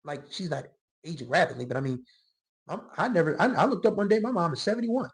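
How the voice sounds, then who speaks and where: A middle-aged man with a scratchy throat hosting his own music channel, talking casually and reflectively about songs, now and then letting out a drawn-out "whew.". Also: on the high side, lively intonation. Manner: reflective, gets emotional, drawls exclamations like "whew". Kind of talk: casual solo music commentary.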